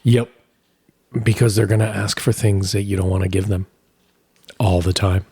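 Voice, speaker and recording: A man's voice: fairly low pitch, fairly even intonation, normal speed, vocal fry, dark tone, husky. A man co-hosting a podcast in casual chat, playful and teasing. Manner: playful, teasing, puts on a child's voice. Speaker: podcast co-host.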